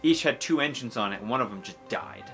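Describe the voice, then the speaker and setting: A man casually chatting as co-host, telling a lively travel story and acting out what people said. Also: medium pitch, fast talker, faint music behind. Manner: animated storyteller, acts out quotes with laughter. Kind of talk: casual chat.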